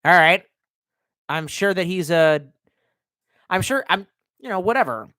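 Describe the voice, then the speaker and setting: A man from the United States streaming from his basement, reading chat aloud and ranting with profanity, talking to himself and breaking into sudden yells. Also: high-pitched, lively intonation, measured pace, no echo, studio quality. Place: home basement room.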